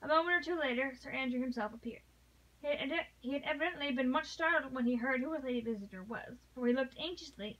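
A woman reading a classic novel aloud, pausing and restarting, growing dramatic at emotional passages. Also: sits high, a bit bright, highs cut off. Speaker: reader.

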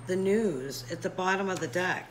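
A woman's voice: lowish voice, normal speed, slight background noise, poor audio. A woman doing a casual tarot reading to camera, chatty, with many fillers and talking straight to the viewer. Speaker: psychic tarot reader.

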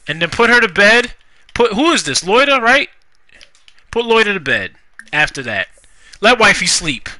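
A young man giving casual, profane commentary while playing a life-simulation game, scolding the characters out loud. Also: sits high. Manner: animated, profane, talks to the game characters, rhymes jokingly. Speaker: gaming YouTuber. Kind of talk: casual Let's Play commentary.

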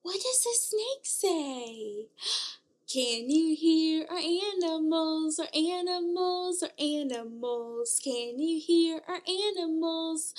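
A woman speech therapist teaching toddlers in an exaggerated sing-song voice, with slow, drawn-out words and frequent gasps. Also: very high-pitched, lively intonation, a little mellow. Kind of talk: toddler learning video.

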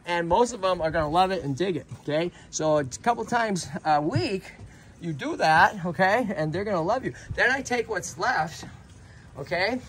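At a tortoise sanctuary, a man hosts a casual outdoor vlog, energetic and animated, constantly checking in with "right?". His voice is high and moves at normal speed, with a little hiss or hum in the audio.

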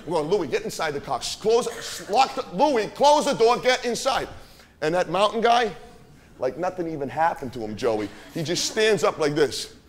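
At a moderate pace, a man with a high-pitched, sing-song voice performs a live character monologue on a theater stage. In the role of a swaggering, profane streetwise youth, he boastfully tells a rowdy party story, again and again asking "right?".

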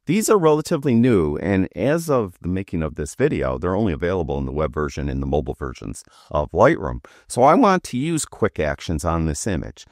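A man walking through a software feature in a casual screen-recorded tutorial, talking while he clicks, with relaxed fillers. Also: low-pitched, fairly quick, few pauses, dry recording, clean studio sound.

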